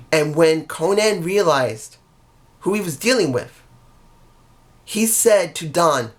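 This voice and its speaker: Slow rambling man fan-booking wrestling. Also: on the high side, animated. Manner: rambling, self-correcting, earnest. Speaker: vlogger, fan wrestling booker. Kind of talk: casual solo storytelling vlog.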